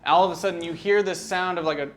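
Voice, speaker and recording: A man narrating a tabletop game as game master, in a loose, relaxed way with many fillers. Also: high voice, fast, slight background noise.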